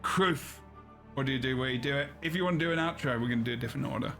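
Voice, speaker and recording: A man's voice: mid-range voice, rapid-fire, a bit bright, faint music behind. A man hosting a gaming podcast in casual chat, rambling and joking between plugs. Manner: rambling, jokey, laughs often. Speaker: podcast host.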